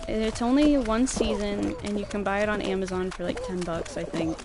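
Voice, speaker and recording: A woman's voice: mid-range voice, fairly even intonation, normal speed, noisy background. A young woman streaming, chatting casually with her viewers, rambling and laughing often.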